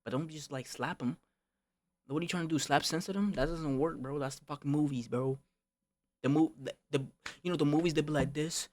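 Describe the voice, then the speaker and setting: A man's voice: fairly high pitch, fairly even intonation, a little fast, darkish tone, no echo. A young man streaming, telling a casual storytime rant full of slang and swearing, repeating himself and calling the listener bro, often rising to heated outbursts.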